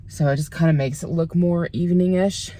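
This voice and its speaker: Woman, thirties, casual vlog, rambling, lowish pitch. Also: fairly even intonation, a little fast, warm tone. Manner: chatty, rambling, laughs often. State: out of breath. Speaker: vlogger.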